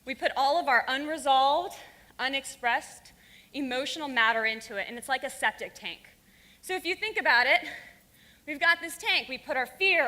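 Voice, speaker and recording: A woman speaking on stage with a high, bright and forceful voice, fiery and blunt, swearing freely. The sound rings with the long reverb of a large conference hall. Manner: fiery, frank and profane. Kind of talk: stage talk to a live audience.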